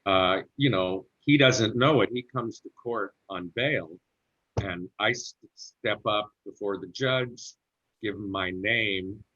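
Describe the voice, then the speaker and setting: A low-voiced middle-aged man spins a relaxed, chatty anecdote about his acting career during an interview. The recording sounds a little muffled and lo-fi. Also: slow pace. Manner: chatty anecdotal storyteller who slips into character voices for quotes. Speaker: actor telling a career story.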